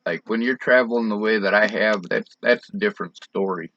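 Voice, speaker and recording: A man's voice: fairly low pitch, a little fast, fairly bright tone. A man in casual conversation, talking in a plainspoken, reflective way. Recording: dull lo-fi sound.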